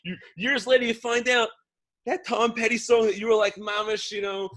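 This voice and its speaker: A man co-hosts a podcast in casual conversation, cracking self-deprecating jokes. His voice is high and a bit bright, with a steady tone at normal speed.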